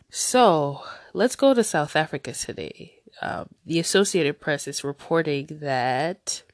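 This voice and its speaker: A woman with a low, nasal, stuffy voice hosts a casual solo news podcast. She rambles in a chatty way, full of fillers. The sound is dry and close, with no room around it. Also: no room sound. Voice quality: nasal from a cold. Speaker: podcast host.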